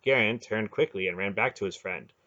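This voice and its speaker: Deep-toned man reading an audiobook. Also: fairly quick, sharp tone. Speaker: audiobook reader. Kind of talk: audiobook narration. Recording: dull lo-fi home recording.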